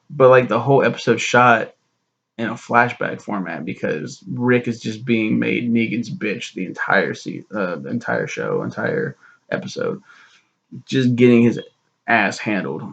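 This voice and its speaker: Young male TV reviewer, gravelly, loose and profane, dull lo-fi home recording. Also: mid-range voice. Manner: rambling, profane, animated retelling. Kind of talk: casual spoken review.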